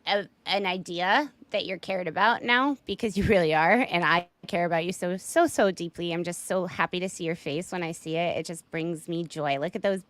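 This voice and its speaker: A woman hosting a casual livestream chat, effusive and warm, swearing casually. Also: lowish voice, moderate pace, few pauses, no room sound. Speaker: livestream host.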